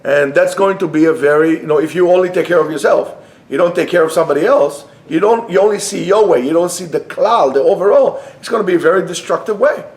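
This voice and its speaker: A man's voice: high voice, quick pace, a little mellow. Man lecturing in an echoey classroom. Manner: conversational, repeats and restarts phrases, answers the class. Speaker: rabbi teaching a Torah class. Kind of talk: informal Torah lecture. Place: yeshiva classroom. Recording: echoey room.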